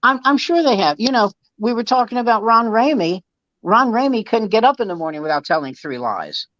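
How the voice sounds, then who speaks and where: A man's voice: high-pitched, expressive, brisk, a bit bright, no echo. A man, a comedian guest, telling anecdotes in casual chat and acting out the quoted dialogue, with many restarts. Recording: dull dry lo-fi sound.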